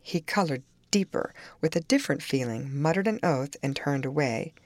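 Woman audiobook narrator, low and very expressive, dry close recording. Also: normal speed, no echo. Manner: expressive, storytelling. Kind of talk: scripted narration of a classic novel.

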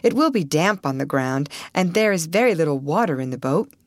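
A woman reading as a lively young girl with quick humor, her lines brighter and lifted above the narration. The sound is dry and close. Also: sits low, dry recording. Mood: wry. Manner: quick, light exclamations.

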